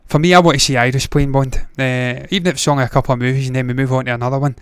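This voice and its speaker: In casual livestream commentary, this movie news host fires off blunt opinions laced with frequent profanity. He speaks at a racing pace in a steady, medium-pitched voice, and the tone is clean on a dry recording.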